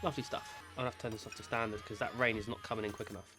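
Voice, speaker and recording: A man giving excitable, chatty commentary while playing a racing management game, cheering his drivers on. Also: fairly low pitch, very fast, music in the background. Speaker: gaming creator.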